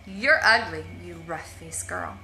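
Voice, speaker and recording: A woman reading a storybook aloud, voicing a pair of proud, cruel young sisters who talk in a shrill, boastful way. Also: very animated, moderate pace, sharp tone, slight background noise, heavily acted. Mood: mocking. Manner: shrill, boastful and stammering when caught. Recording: roomy echo.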